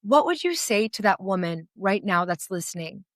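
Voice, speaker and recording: A woman's voice: mid-range voice, big pitch swings, normal speed, dry recording, clean studio sound. A woman podcast host and sales coach who speaks encouragingly and addresses the listener directly. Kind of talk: podcast interview.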